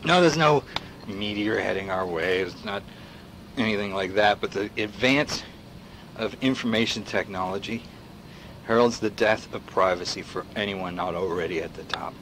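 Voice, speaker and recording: An actor playing a paranoid male pundit in video game dialogue, ranting against machines and swinging from hushed whispers to shouts. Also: fairly low pitch, moderate pace, background noise, lightly acted.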